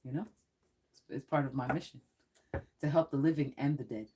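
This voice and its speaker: A psychic tarot reader chats casually with a live-stream audience in a steady, brisk, mid-range voice with a dark tone, over a slight hiss or hum. Her talk wanders and keeps dissolving into laughter, but she turns blunt and threatening toward chat troublemakers.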